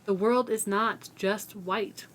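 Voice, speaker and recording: A woman co-hosting a podcast, speaking in an earnest, measured, agreeable way in casual discussion. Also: medium pitch, fairly even intonation. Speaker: podcast co-host.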